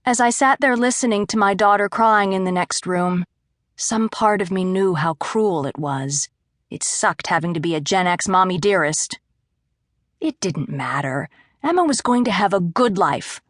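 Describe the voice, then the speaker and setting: A woman narrating a first-person thriller audiobook in a measured, wry, confiding way. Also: fairly low pitch, a bit bright, no room sound. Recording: dry close studio mic.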